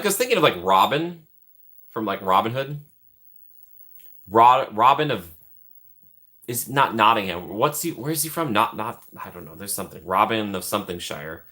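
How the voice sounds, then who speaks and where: A man hosting a live stream, rambling casually and joking as he thinks out loud while reading the chat. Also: mid-range voice.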